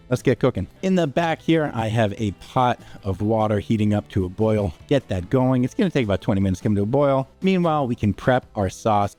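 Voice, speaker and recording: A man's voice: medium pitch, a little mellow. Chatty man hosting a home cooking show. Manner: chatty, informal, with frequent "all right?" asides. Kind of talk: casual cooking demonstration. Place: home kitchen.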